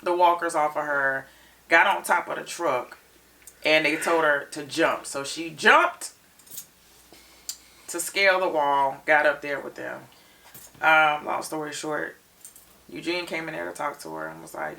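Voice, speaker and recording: A woman co-hosting a reaction show, recapping an episode in an animated, detailed storytelling way. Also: deep voice, a little slow, gravelly, long pauses, recorded from a distance. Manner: expressive storyteller, retells scenes in detail.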